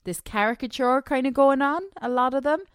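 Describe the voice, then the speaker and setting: A woman's voice: high-pitched, a little fast, clean tone, dry recording, clean studio sound. A woman co-hosting a podcast, chatting casually about a reality show, agreeable and full of filler phrases. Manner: chatty, agreeable, frequent "like" and "do you know what I mean". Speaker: podcast co-host.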